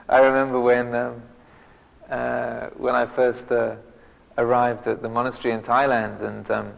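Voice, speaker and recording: A man's gravelly voice, at a middle pitch, gives a meandering dharma talk as a monk teacher. He circles back through restarts and filler words and teases himself with dry humor. The sound carries the long reverb of a hall. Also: normal speed. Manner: rambling, many restarts and fillers, self-mocking humor. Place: monastery meditation hall.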